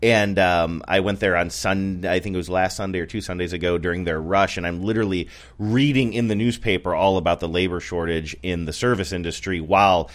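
A man with a very low voice talks loosely on a podcast, rambling and stopping to correct himself. He laughs often between thoughts. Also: fairly even intonation, fairly quick, hardly any pauses. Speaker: podcast co-host. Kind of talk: casual chat. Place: North Seattle area.

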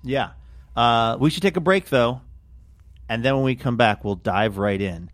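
Playful rambling podcast host, dry mic. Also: male voice, medium pitch, a little slow, fairly bright tone, dry recording. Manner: rambling, playful, self-mocking. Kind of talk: casual chat.

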